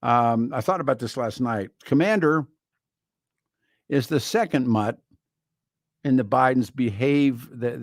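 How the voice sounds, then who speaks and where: This talk radio host speaks in a mid-range voice with no echo. Using a studio microphone, he delivers a wandering, wry monologue that keeps restarting.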